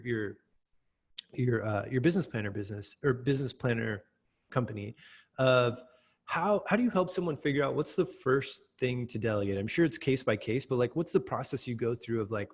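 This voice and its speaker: Rambling American man hosting. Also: medium pitch. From USA. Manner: rambling, hesitant, many fillers. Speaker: host. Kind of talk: casual interview chat.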